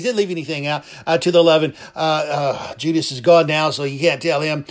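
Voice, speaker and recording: A man's voice: a little high, fairly quick, few pauses. A man preaching a sermon, fervent and emphatic, repeating phrases for emphasis. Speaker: pastor.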